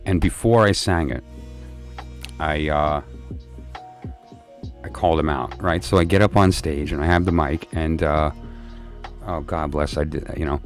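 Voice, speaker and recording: Very deep-voiced, tired man rambling. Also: fairly even intonation, a little slow, pauses often, faint music behind. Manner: rambling and chatty, many fillers and restarts. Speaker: livestream host chatting with viewers. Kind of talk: casual rambling storytelling.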